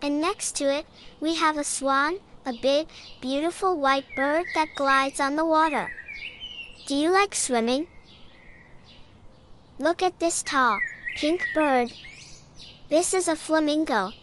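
Slow high-voiced woman narrating for kids. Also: slight background noise. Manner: bright, encouraging, asks the listener to join in. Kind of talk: scripted narration for children.

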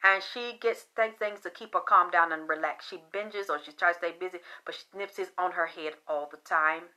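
A woman hosting a video tells a rambling conspiracy story in an animated, conspiratorial way, swinging between loud and soft. Her voice is fairly low and her speed normal.

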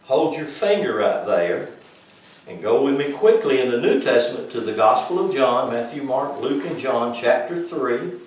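A man's voice: medium pitch, expressive, normal speed. A man preaching a Bible-teaching sermon, emphatic and questioning his congregation directly. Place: congregation room. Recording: very echoey room from far off.

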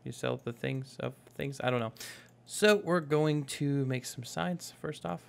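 A man's voice: mid-range voice, measured pace, gravelly. Young male let's-player, casual and rambling, self-correcting, jokey. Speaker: gaming YouTuber. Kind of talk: casual Minecraft let's play commentary.

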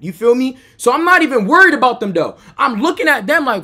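A young American man who streams, telling a personal story in a loose, profane way, going from low mutters to shouts. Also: expressive, fast, few pauses, slightly rough. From United States. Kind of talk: storytime chat.

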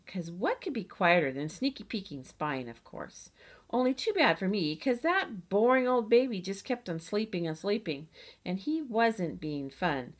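A chatty, boastful kindergarten girl narrates her own storybook tale, as a woman reads her aloud. She talks in a lively, childlike way with playful grammar. Her voice sits at a medium pitch. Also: unhurried. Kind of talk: audiobook reading.

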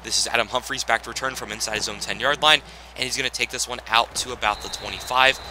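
A young man narrating a football video game in casual play-by-play style, getting excitable on big plays. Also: mid-range voice, fast talker, background noise. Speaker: gaming channel host.

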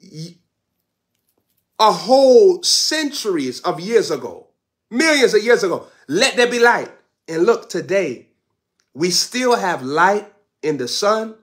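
A man's voice: high voice, big pitch swings, takes it slowly, pauses often. A man preaching a fervent sermon with repeated declarations, breaking into tongues.

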